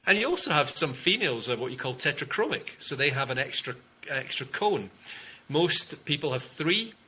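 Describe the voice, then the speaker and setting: A man, a communication coach, explaining ideas in an interview and demonstrating tone with loud and soft delivery and long pauses. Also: a little high, sing-song, breathy edge, rough recording. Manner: demonstrative, shifts loudness and uses long pauses to show tonality.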